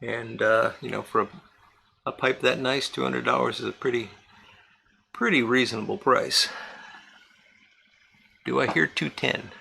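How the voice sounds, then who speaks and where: A man's voice: mid-range voice, measured pace, creaky, long pauses, pushed and bright, rough recording. A man hosting a casual live-stream charity auction, chatting and reading out bidders and their bids. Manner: chatty, reads out bidders and amounts. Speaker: livestream charity auction host.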